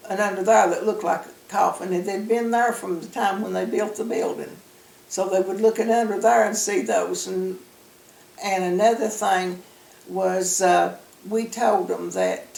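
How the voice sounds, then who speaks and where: A woman with a gravelly voice recounts an old prank, pausing often to find her words. The room rings noticeably around her. The mic is set some distance away. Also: medium pitch, a little mellow, reverberant. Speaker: interviewee. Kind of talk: reminiscing interview.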